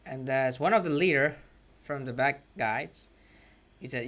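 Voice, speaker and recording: A man's voice: medium pitch, a little slow, pauses often, fairly bright tone. A man from Myanmar, an English teacher explaining a story to students and often checking in with "right?".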